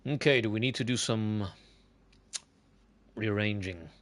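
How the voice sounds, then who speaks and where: A man's voice: lowish voice, unhurried, fairly bright tone. A man streaming a video game and chatting casually, joking in a put-on Australian accent and tacking "mate" onto everything, often stumbling over his words. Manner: jokey, tacks a mock Australian "mate" onto every line; stammery restarts. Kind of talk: casual live-stream commentary.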